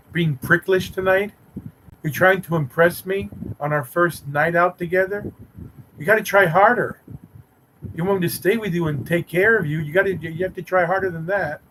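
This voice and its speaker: Playful rambling man, rather high voice. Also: a bit bright, slight background noise, low-quality recording. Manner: teasing, mock-romantic banter with viewers. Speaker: livestream host reading chat. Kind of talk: rambling playful live chat.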